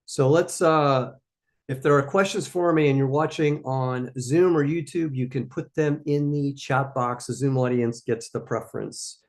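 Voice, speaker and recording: A man's voice: mid-range voice, unhurried. A man hosting a live question-and-answer stream for startup founders, giving emphatic, coaching answers and repeating his key points.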